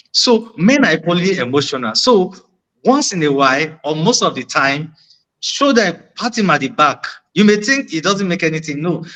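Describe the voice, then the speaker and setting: A man's voice: fairly high pitch, sharp tone, poor audio. A man on a discussion panel, making his point earnestly and often repeating phrases. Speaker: panel guest.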